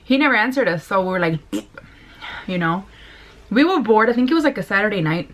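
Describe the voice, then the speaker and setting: A woman's voice: medium pitch, animated, a little fast, a little hiss or hum. A young woman from Mexico telling a rambling, casual story while eating, swearing freely and laughing now and then. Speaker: vlogger.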